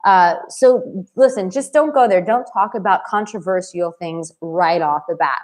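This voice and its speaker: A woman's voice: on the low side, a little slow. A woman in her late thirties, a dating coach talking in a live stream, blunt and effusive as she reads viewers' comments aloud. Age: 30s. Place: home in Bali.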